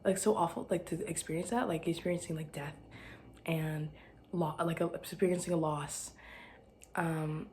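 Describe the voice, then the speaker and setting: Young woman podcaster, light Southern accent, sleepy and rambling, lower voice, whispery asides. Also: fairly even intonation, normal speed, warm tone, a little hiss or hum. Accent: light Southern American. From Arkansas. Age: young adult. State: tired. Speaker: podcast host. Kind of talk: casual solo podcast rambling.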